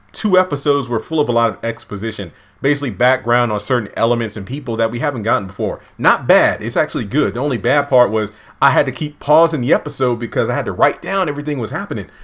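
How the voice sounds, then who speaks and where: Indoors at home, a man casually recaps a TV episode with a lot of energy. As a TV show reviewer, he acts out the characters' lines in high-pitched voices.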